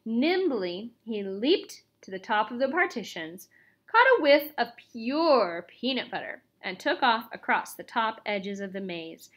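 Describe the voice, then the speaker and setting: A woman reading a children's chapter book aloud in an expressive, lively storytelling manner. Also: on the high side, a little slow. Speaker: audiobook reader.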